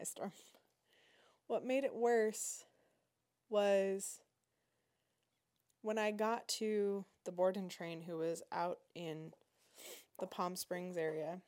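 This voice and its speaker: A woman hosting a podcast, telling a personal story in a lively, indignant way. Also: mid-range voice. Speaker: podcast host. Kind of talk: casual storytelling.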